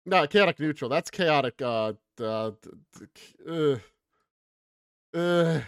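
A man playing a tabletop game, excitable and stammering. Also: a little high, slow pace, clear, resonant tone, no echo, clean studio sound. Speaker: player. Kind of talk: casual tabletop game play.

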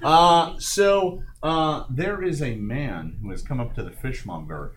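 A man's voice: medium pitch, a little slow, noisy background. A man narrating a live tabletop game as game master, often laughing and rambling with fillers. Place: live convention event.

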